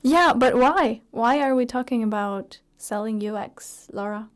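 A woman's voice: on the high side, measured pace. A woman co-hosting a radio show in an upbeat, playful, chatty way, laughing often. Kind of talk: casual radio chat.

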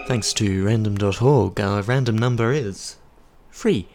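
A man co-hosts a casual film podcast in a low voice. He speaks slowly and answers dryly, keeping his remarks brief. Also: over loud music. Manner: dry, brief replies. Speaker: podcast co-host.

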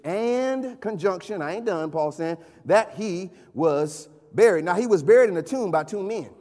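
A man preaching a sermon, with a high-pitched voice that rings out across a church sanctuary. He is emphatic and hammers his points home by repeating phrases. A long reverb trails every word. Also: expressive, moderate pace, hardly any pauses, a little mellow. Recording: long reverb of a large hall.

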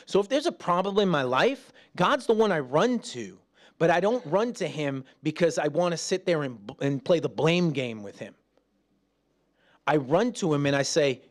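A man preaching a sermon, telling stories with laughs and acting out quotes, dropping soft and slow for prayer. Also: fairly high pitch. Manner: animated storytelling with laughs and acted-out quotes; drops soft and slow when praying aloud.

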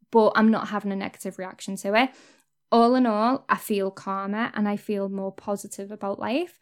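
Young woman vlogger, candid, earnest talk to camera, mid pitch, swears now and then.

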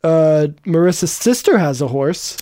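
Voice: mid-range voice, animated, measured pace, warm tone, no room sound, clean studio sound. A podcast co-host chatting casually about a TV episode and laughing often. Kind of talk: casual chat recapping a TV episode.

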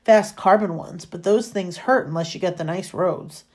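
A woman's voice: lowish voice, moderate pace, darkish tone, husky. A woman reading the lines of a nervous, witty gay teenage boy in an audiobook, wry and self-mocking. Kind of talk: audiobook character voice.

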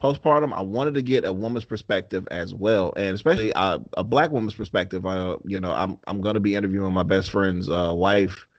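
A man's voice: low voice, a little fast, few pauses, dry recording, highs cut off. A man hosting a mental health podcast, talking casually with lots of fillers and the odd curse. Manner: rambling, laid-back, lots of fillers and casual cursing.

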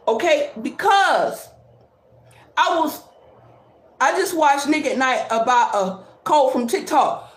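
High, lively woman chatting to viewers. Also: slow pace, reverberant. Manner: animated, repetitive, calls out to viewers, laughs often. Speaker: live streamer talking to viewers. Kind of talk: casual live-stream talk.

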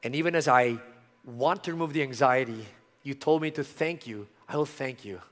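A middle-aged man preaching a sermon, earnest, moving from loud emphasis to soft, intimate tones. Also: mid-range voice, moderate pace. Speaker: pastor. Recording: long hall reverb.

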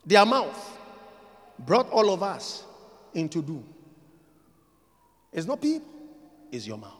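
A pastor preaching a sermon, swinging between quiet lines and shouted ones and repeating phrases for emphasis. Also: male voice, on the high side, big pitch swings, slow, long pauses, long reverb tail.

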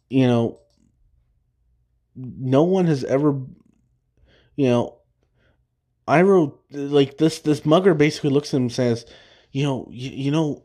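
Slow, rambling young male podcast host. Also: mid-range voice, mellow. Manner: rambling, many fillers and restarts, laughs at his own jokes. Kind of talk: casual episode recap.

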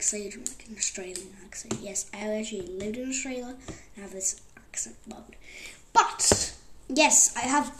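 A woman's voice: fairly high pitch, noisy background. A woman hosting a podcast, talking in a loose, rambling way with many fillers. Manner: rambling, full of fillers like "like" and "actually". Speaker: podcast host. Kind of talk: rambling casual talk.

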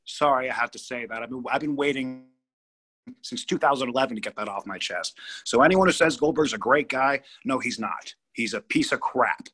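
A man's voice: mid-range voice, a little fast, a bit bright, husky. A man in his thirties from California, a guest telling a story in an interview, rambling and emphatic with many restarts. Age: 30s.

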